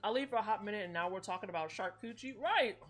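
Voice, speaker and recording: A young woman streamer chatting casually while baking, animated and quick to swear, acting out little voices as she tells stories. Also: mid-range voice. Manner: animated, swears freely, acts out characters in voices. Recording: faint music behind.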